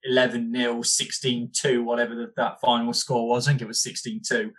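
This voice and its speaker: A man's voice: medium pitch, flat delivery, a little fast, a bit bright, husky. A man co-hosting a sports podcast, speaking casually and hesitantly, with many fillers. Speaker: podcast co-host.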